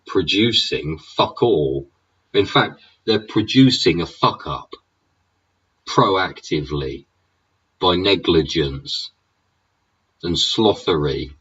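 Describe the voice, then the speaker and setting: A man's voice: extremely low pitch, fairly bright tone, husky, distant mic. An English man in a sweary, sneering political rant, throwing in "yeah?" and "innit?" as he goes. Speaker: vlogger. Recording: dull sound, away from the mic.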